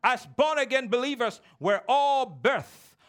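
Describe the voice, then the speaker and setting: A man with a strikingly high voice preaching a sermon in church. He calls on the congregation to answer back and slips into playful childish voices to make his points. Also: sing-song, measured pace, fairly bright tone. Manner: preaching with call-and-response, mimicking childish voices. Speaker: pastor.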